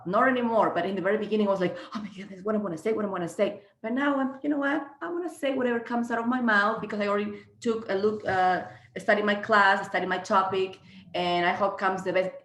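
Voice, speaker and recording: A woman's voice: medium pitch, brisk, fairly bright tone. Spanish-accented woman, earnest, echoey room. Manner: earnest, many restarts and fillers. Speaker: real estate agent presenting a training. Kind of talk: casual online presentation. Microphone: video call.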